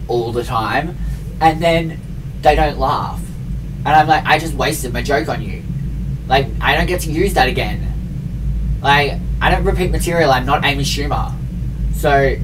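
A man's voice: mid-range voice, far from the mic, noisy background. A man in his twenties ranting in a chatty vlog, rambling with constant fillers and mocking himself. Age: 20s. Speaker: vlogger.

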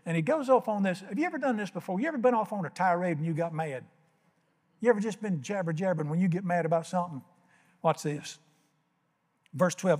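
A man's voice: high-pitched, a little fast, darkish tone, in a large hall. A male pastor preaching a sermon, retelling a Bible story in a folksy way and acting out the characters' lines. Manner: folksy storytelling, acts out biblical characters in casual Southern-style speech. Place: church sanctuary.

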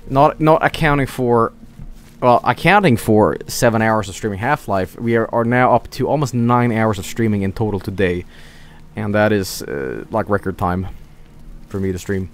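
A young man streams a game late at night at a moderate pace, his voice on the low side. Sleepy and rambling, he trails off drowsily during casual gameplay chat, his throat itchy from hay allergy.

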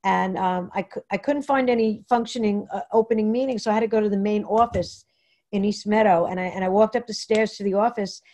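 A woman from Long Island telling her own recovery story at an online meeting, halting and rambling with many fillers and restarts. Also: mid-range voice, steady tone, warm tone. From New York, Long Island. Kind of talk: personal share at a Zoom meeting. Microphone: computer mic on a video call.

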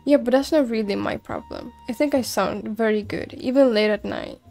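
Frog singer, female, chirpy, pushy, lightly high voice, read by a woman. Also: moderate pace, creaky, darkish tone, faint music behind. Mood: cheerful. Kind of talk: reading game dialogue aloud.

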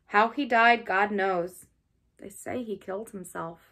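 A woman's voice: medium pitch, unhurried, fairly bright tone. A woman voicing a respectful male servant bringing grave news, in an audiobook reading.

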